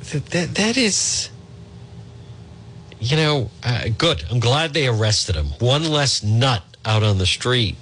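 A man's voice: mid-range voice, animated, slow, fairly bright tone, slight background noise. A man hosting a talk radio show, blunt and sarcastic, heckling the news he reads. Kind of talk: opinionated radio commentary.

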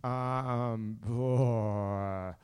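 A man's voice: mid-range voice, steady tone, drawn-out words, a little mellow, slight background noise. A man on a podcast, chiming in with dry, offhand remarks in casual banter. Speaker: podcast co-host.

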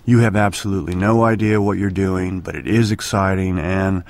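An actor narrating as a world-weary gun-runner in a film voiceover, with a mumbling, muddy delivery. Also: male voice, low-pitched, steady tone, moderate pace, vocal fry, darkish tone. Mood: wry.

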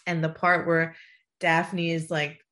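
A young woman in casual chat, animated and laughing often as she talks through tears. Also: deep voice, slow, a little hiss or hum.

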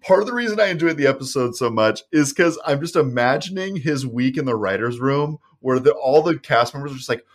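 Young man, podcast co-host, wry and teasing, mid-pitched. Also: a little fast, hardly any pauses. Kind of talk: casual chat.

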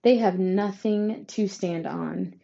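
A woman's voice: mid-range voice, slow pace, vocal fry, dark tone, dull audio. A woman giving a horoscope reading straight to her listeners, emphatic and reassuring, often tagging her points with "right?". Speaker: astrology reader. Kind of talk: tarot-style horoscope reading to camera.

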